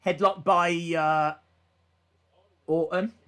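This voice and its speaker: High-voiced man calling wrestling moves. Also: steady tone, slow, bright, forceful tone. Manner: casual, frequent "uh" fillers, reads chat aloud. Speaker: watch-along streamer. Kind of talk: live play-by-play wrestling commentary.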